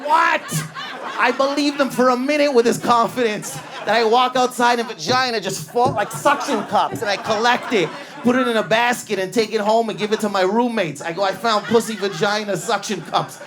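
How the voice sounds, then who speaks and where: A man's voice: very high voice, brisk, crowd noise. A male stand-up comedian telling self-mocking stories with frantic, neurotic energy on a comedy club stage, in a live recording with audience laughter.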